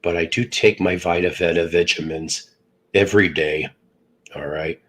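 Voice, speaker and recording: A man's voice: low-pitched, steady tone, normal speed, a bit bright, rough recording. A middle-aged man who hosts a live stream, sounds congested from illness, and rambles with jokes as he greets viewers by name. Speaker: livestream host. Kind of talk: casual live chat with viewers.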